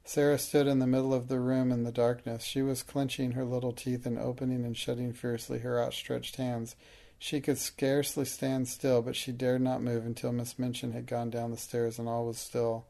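A man narrating an audiobook in a steady, measured reading. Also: medium pitch, gravelly.

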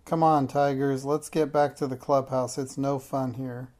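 A gruff, tough bully boy from a children's storybook, as a reader puts him on. He growls his orders in a dark, flat voice. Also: medium pitch, normal speed, lightly acted.

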